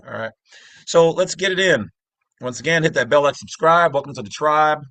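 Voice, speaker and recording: A man's voice: on the high side, animated, moderate pace, sharp tone, no room sound. A middle-aged man hosting his own channel, explaining casually with rambling, jokey asides and frequent self-interruptions. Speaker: channel host. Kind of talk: casual explainer talk over a screen.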